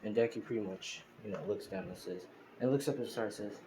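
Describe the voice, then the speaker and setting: A man's voice: fairly low pitch, fast. A man casually narrating a fan story, rambling and full of fillers. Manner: rambling, full of fillers like "you know" and "pretty much". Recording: hissy home screen recording.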